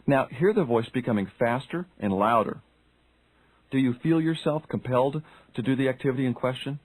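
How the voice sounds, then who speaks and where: A man's voice: mid-range voice, fairly quick, a little mellow, no room sound, rough recording. Man narrating a self-help audiobook. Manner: direct, addresses the listener with questions.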